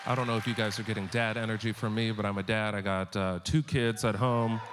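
A man from San Diego performing an animated stand-up comedy set, acting out quotes as he tells stories. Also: lowish voice, fairly quick, over a noisy crowd. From San Diego, California. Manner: animated, punchy storytelling with acted-out quotes. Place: stage at a live comedy show. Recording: live venue with long reverb, faint noise.

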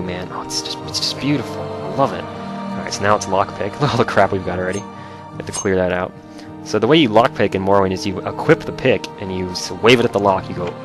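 A man giving excitable, joking commentary while playing a video game. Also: on the low side. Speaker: let's play host. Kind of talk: casual gameplay commentary.

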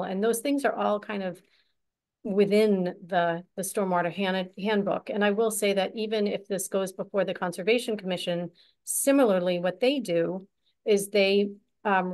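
Woman, town meeting, explanatory tone, lots of ums and restarts. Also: mid-range voice. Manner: explanatory, many fillers and restarts.

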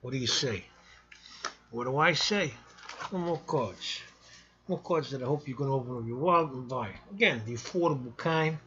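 A man giving a blunt, pushy casual sales pitch to camera while selling sports cards. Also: normal speed, sharp tone, dull audio. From New York. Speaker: sports card seller.

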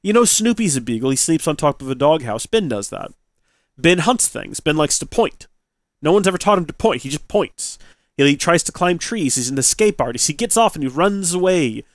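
A man with a fairly high voice, speaking at a moderate pace, hosts a let's play and tells a rambling story to his viewers from his recording desk at home. He's chatty, and his excitement rises as the anecdotes unfold. The sound is clean studio quality with no room sound.

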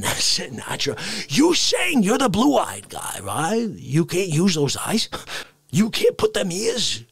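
A man's voice: high voice, huge pitch swings, takes it slowly, gravelly, husky, no echo. A man doing an unscripted comedic rant. He rambles in mock outrage and laughs between lines. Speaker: live-stream comedian.

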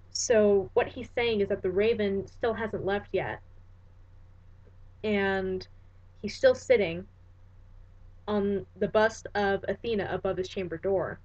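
A woman's voice: medium pitch, fairly even intonation, measured pace, muffled recording. A woman reading a classic poem aloud, then breaking it down in a casual, slangy way. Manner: slangy, conversational asides between recited verses. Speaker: poetry explainer. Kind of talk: casual explanation with dramatic poem recitation.

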